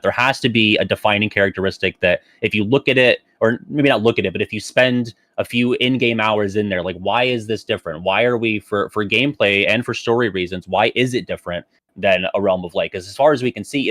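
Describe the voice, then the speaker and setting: A man's voice: on the low side, a bit bright, dry recording. A man as a guest on a casual podcast, hedging his opinions with fillers and breaking into joking, exaggerated rants.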